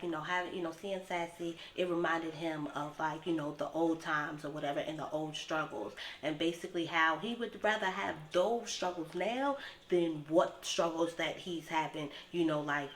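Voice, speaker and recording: A woman talks through a TV episode in a loose, rambling way, circling back through filler words as she goes. Her voice sits low for a woman. The room gives her words a noticeable echo, and faint ambient noise hangs underneath. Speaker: TV episode recapper. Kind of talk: casual recap commentary.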